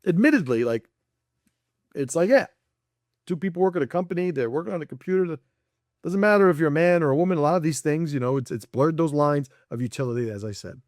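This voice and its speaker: A man talks freely as a podcast guest, blunt and laced with profanity. He stays animated, laughs between points and slips into voices for the people he describes. His voice sits a little high and is recorded dry and close. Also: fast, dry recording. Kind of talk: casual chat.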